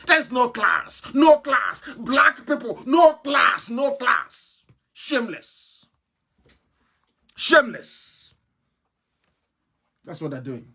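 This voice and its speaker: A man giving an impassioned live broadcast speech, ranting with scorn, firing rhetorical questions and breaking into shouts. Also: high-pitched, very animated, measured pace, slightly rough. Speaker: political activist broadcaster.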